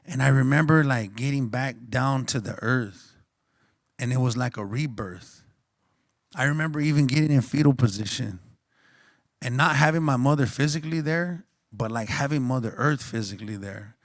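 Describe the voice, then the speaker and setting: A man at a mid-range pitch shares a personal story on a conference panel. He speaks earnestly and reflectively, with casual slang. His voice is captured dry, with no room echo. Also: moderate pace. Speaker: panelist and coffee shop co-owner.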